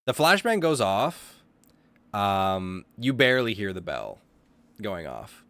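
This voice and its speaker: Lively-voiced man running a tabletop game. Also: lowish voice, takes it slowly, no room sound, clean studio sound. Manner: animated narration, shouting lines of characters. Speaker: game master.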